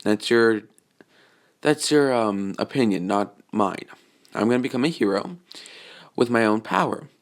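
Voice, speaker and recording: A man voicing a defiant, determined teenage boy with flat, stubborn retorts. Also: fairly low pitch, unhurried, pauses often.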